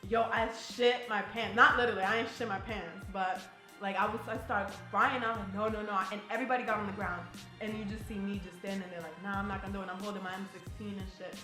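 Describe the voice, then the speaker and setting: A woman's voice: mid-range voice, steady tone, fast. Blunt, profane young woman. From New Jersey. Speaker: interviewee, army soldier. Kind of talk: casual personal storytelling. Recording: roomy echo, faint music.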